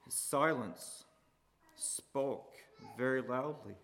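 A man preaching a sermon, building to loud emphatic peaks and dropping low and quiet between points. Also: slow pace. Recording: hall reverb.

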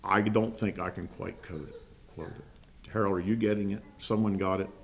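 A man teaching a Bible lesson to a small group, earnest and halting, often restarting his sentences. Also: deep voice, fairly even intonation, creaky, a little hiss or hum. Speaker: preacher.

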